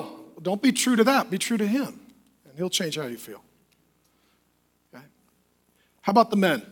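High-voiced man preaching emphatically. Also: big pitch swings, normal speed, pauses often, breathy edge. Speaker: pastor. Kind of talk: sermon.

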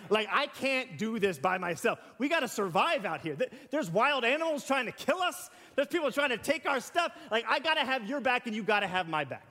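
A young adult to middle-aged pastor with a very high, sharp voice preaches in a church sanctuary, very animated and fairly quick with hardly any pauses. His conversational sermon is full of rhetorical questions and acted-out everyday examples, carried by hall reverb.

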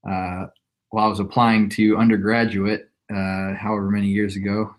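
Podcast guest, male, 20s, lower pitch, reflective rambling delivery. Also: flat delivery, moderate pace. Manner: reflective, rambling with frequent restarts. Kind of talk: casual conversation.

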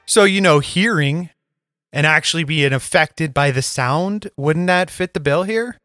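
Laid-back man, slightly high, dry sound. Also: unhurried, fairly bright tone, no echo, faint music behind. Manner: laid-back, swearing, laughing, lots of fillers. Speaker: podcast co-host. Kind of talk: casual chat.

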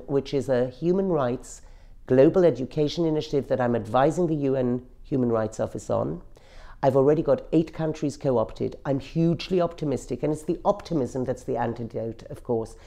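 A low-pitched woman with a gravelly, mellow voice, speaking as an interview guest. She is middle-aged and talks earnestly, leaning hard on key words. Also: moderate pace. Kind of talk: emotional personal interview.

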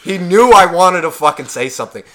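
A man's voice: high voice, expressive, a little fast, a bit bright. A man co-hosting a podcast, telling a heated, profane story in casual chat and acting out what others said. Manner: profane, acts out quotes of others; agitated, heated retelling. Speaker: podcast co-host.

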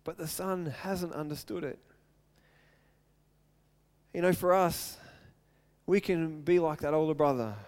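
A man's voice: on the high side, fairly even intonation, a little slow, pauses often, a little mellow. A male pastor preaching an earnest sermon, retelling a story and acting out its quotes.

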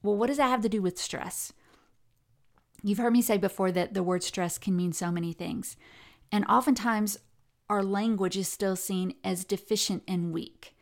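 A woman gives a recorded lecture in a loose, conversational way, with fillers and restarts along the way. She slips into expressive intonation whenever she reads quoted speech aloud, at a middle pitch. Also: creaky. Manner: conversational, with many fillers and self-corrections. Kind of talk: recorded lecture on language and gender.

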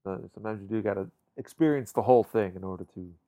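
A man co-hosting a casual film podcast, agreeable and relaxed, steering toward the closing question. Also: on the low side, fast. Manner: relaxed, agreeable, wraps up segments. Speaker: podcast co-host.

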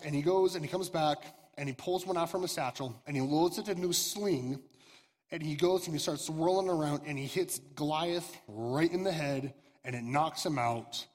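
A young man leads a youth sermon, retelling a scripture story in a loose, halting way full of fillers and restarts. His voice sits a little high and sounds husky. It rings out with a long reverb across a large hall. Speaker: youth pastor.

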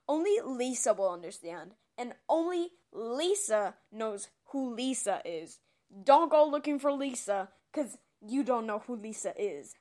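A teenage girl hosts a casual vlog, her voice set a little high yet husky and rough today. She rambles, exaggerates and pokes fun at herself as she talks straight to the viewer. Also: big pitch swings, measured pace, darkish tone. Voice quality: husky, deeper than usual. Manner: dramatic, rambling, self-mocking. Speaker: vlogger.

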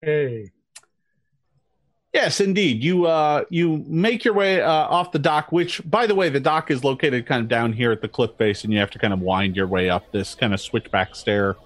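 A man's voice: mid-range voice, normal speed, dry recording. A man narrating as game master of a tabletop game, descriptive and hesitant, full of ums and restarts.

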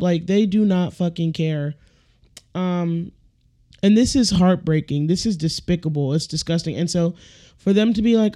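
A woman hosting a solo podcast, talking bluntly and profanely in an animated rant. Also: on the low side, normal speed. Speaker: podcast host. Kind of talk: casual solo podcast monologue.

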